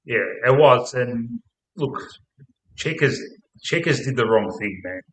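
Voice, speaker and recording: A man's voice: mid-range voice, slow pace. Sweary Australian man, roomy echo. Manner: blunt, sweary and excitable. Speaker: podcast host. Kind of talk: casual football chat.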